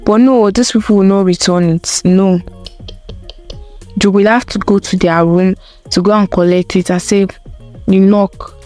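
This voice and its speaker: A woman's voice: medium pitch, steady tone, unhurried, pauses often, darkish tone, soft background music. A young woman giving a casual opinion rant to camera, emphatic and repetitive, full of rhetorical questions. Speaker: vlogger.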